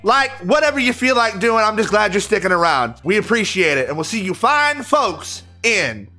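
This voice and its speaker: Brash, joking woman commentating a game playthrough, loose and excitable, salty language. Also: mid-range voice, moderate pace, soft background music. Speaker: let's play host. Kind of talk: casual gaming commentary.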